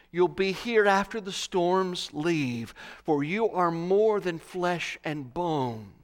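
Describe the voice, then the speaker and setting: A man preaching a sermon, slow and dramatic, swelling loud and then dropping to a hush. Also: high-pitched.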